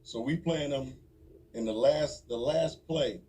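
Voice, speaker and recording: A man's voice: medium pitch, takes it slowly, warm tone. A man eagerly recounting a last-second play in a casual interview.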